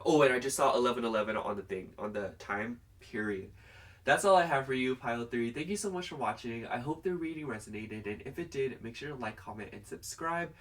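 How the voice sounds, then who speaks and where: A young man with a medium-pitched voice, recorded from far off the mic, chats casually to camera through a pick-a-card tarot reading. He rambles along as the tarot reader, filling his talk with plenty of "like."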